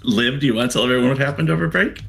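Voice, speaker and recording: A man's voice: mid-range voice, very fast, creaky, a bit bright. A man running a tabletop horror game as game master, narrating casually with plenty of fillers. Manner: casual, rambling, many fillers.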